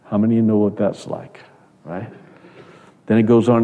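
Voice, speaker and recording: Middle-aged male pastor, earnest sermon delivery, mellow tone, reverberant hall sound. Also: little pitch movement, normal speed, long pauses. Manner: earnest, repeats words, rises in pitch when quoting others.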